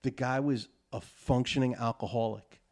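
A man in his forties from New York hosting a podcast, telling stories in a profane, animated way. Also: mid-range voice, normal speed. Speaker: podcast host. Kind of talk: casual chat.

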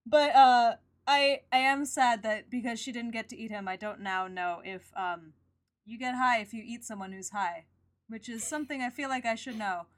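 A young woman co-hosting a podcast, talking casually in a wry, animated way and swearing now and then. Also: fairly high pitch, normal speed. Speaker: podcast co-host. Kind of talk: casual chat.

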